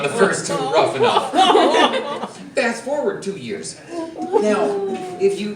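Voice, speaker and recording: A man doing a stand-up routine on a comedy club stage, telling rambling stories with chuckles and quick impressions. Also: sits high. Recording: roomy club sound from a distance, loud crowd. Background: audience laughter.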